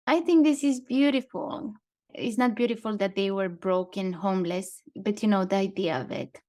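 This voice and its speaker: A woman co-hosts a relaxed podcast chat at an even, middling pitch. She talks things through thoughtfully and often reads from her notes. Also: moderate pace. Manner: thoughtful, reads out quotes and card lines. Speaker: podcast co-host. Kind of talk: casual podcast chat, partly read from notes.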